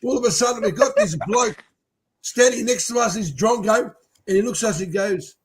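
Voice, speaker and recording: A man co-hosting a casual podcast, telling a story in a relaxed way. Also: high voice, normal speed, slightly rough. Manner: relaxed anecdote telling, laughs mid-story. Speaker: podcast co-host.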